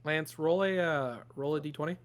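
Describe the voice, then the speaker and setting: A man's voice: on the high side, moderate pace. A man running a tabletop game as game master, narrating loosely with fillers and laughter.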